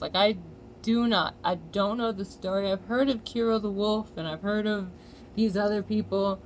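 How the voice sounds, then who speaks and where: An American woman vlogger delivering a heated, profane commentary rant with loud outbursts. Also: medium pitch, fairly even intonation, normal speed, slight background noise.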